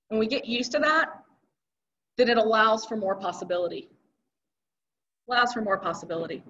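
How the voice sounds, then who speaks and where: High-voiced woman giving a live talk. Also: fairly quick, long pauses, a bit bright, far from the mic. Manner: conversational, rhetorical questions, emphatic. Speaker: keynote speaker. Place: event hall with audience. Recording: dull lo-fi recording.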